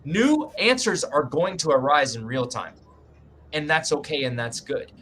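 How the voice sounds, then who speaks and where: A man's voice: on the high side, animated, measured pace, fairly bright tone, slight background noise. A man giving writing advice in a casual group video chat, emphatic and folksy, often tagging lines with "man", speaking from his home writing room.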